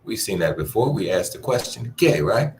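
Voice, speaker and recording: A man teaching a Spanish class, explaining grammar and repeating words slowly for learners to echo. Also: lowish voice, sing-song, slight background noise.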